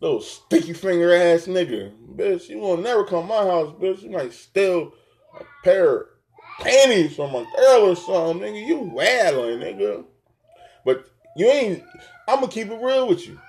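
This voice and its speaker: A man's voice: sits high, very animated, normal speed, a little mellow. A man hosting a podcast, ranting in a brash, profane, trash-talking way with lots of repeated slang. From South Jersey. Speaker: podcast host. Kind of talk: profane solo podcast rant.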